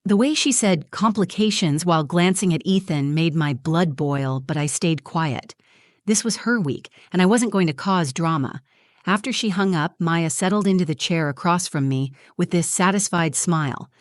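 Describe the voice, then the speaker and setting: A woman narrating a first-person story in a steady, scripted storytelling delivery. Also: fairly low pitch, moderate pace, no room sound, clean studio sound.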